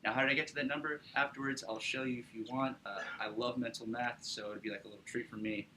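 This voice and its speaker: A young man casually pitching his startup to an audience, upbeat, with lots of fillers and tag questions. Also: steady tone, fast, bright, forceful tone, slight background noise, poor audio. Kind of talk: business pitch presentation.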